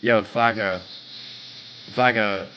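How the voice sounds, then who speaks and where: A man's voice: on the low side, fairly even intonation, slow pace, bright, forceful tone, highs cut off, a little hiss or hum. A man hosting a livestream in casual chat with his viewers, brash and profane, trash-talking and bragging. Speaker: livestream host.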